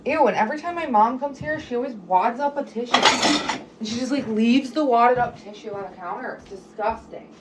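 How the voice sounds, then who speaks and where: A woman's voice: on the high side, normal speed, background noise. A middle-aged woman vlogging casually from her home kitchen, venting and swearing in frustration. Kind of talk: casual vlog monologue.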